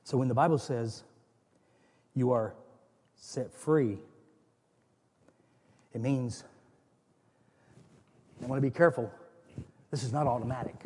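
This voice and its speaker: A man preaching a sermon as pastor, with animated storytelling that acts out scenes. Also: mid-range voice, slow, pauses often, husky. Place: church. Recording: long reverb of a church hall.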